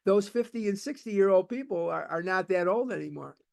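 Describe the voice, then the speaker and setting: Older man with a high voice, telling his story. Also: expressive, moderate pace, vocal fry. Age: 70s. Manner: blunt, emphatic storytelling with repeated phrases. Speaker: speaker sharing his recovery story. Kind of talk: personal testimony at a recovery meeting.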